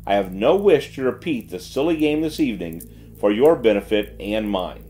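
A man's voice: lowish voice, lively intonation, normal speed, warm tone, close to an everyday voice. A man voicing a sarcastic, stern detective chief giving orders in a dry, businesslike way.

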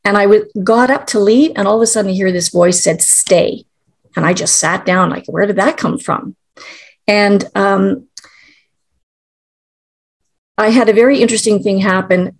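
A woman's voice: mid-range voice, fairly quick. A middle-aged woman, a guest, telling a personal story in an earnest, emotional way, with restarts.

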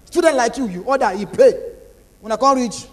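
A young Nigerian man performing animated stand-up comedy in pidgin. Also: very high voice, fairly quick. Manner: animated, acts out characters. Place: large hall, live audience. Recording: live hall reverb, faint noise.

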